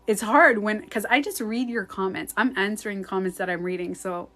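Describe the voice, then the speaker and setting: On her live stream, a coaching woman speaks at normal speed in a medium pitch, with faint music in the background. Casual and candid, she rambles through viewer comments, laughs and swears easily, and sometimes dips into a hushed voice.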